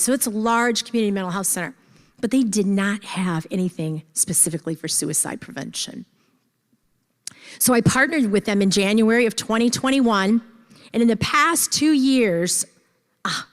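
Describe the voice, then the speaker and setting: A woman giving an earnest personal talk at a conference, repeating phrases for emphasis. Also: a little high. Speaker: conference speaker. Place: large conference hall. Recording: echoey hall.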